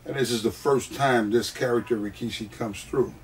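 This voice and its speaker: A man telling stories from his wrestling career in a casual interview, animated and often laughing. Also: mid-range voice, normal speed, recorded from a distance, a little hiss or hum. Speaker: guest, wrestler.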